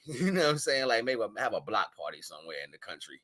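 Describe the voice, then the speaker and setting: Lively-voiced man preaching on a livestream. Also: mid-range voice, quick pace, hardly any pauses. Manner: preachy, swings from solemn murmur to loud scolding; slangy, laughing, chatty with viewers. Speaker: live stream host. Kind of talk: spiritual livestream monologue. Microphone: live stream microphone.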